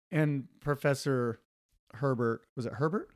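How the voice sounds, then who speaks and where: A man in a casual film chat, eagerly retelling a plot and jumping into quick acted quotes. His voice sits at a middle pitch, recorded close and dry with no room sound. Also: no echo. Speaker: podcast co-host.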